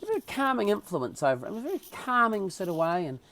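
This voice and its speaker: A man's voice: high voice, very animated, fast, fairly bright tone. A middle-aged man, telling a story as a podcast guest with comic, self-mocking asides and acted-out quotes. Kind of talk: animated personal storytelling.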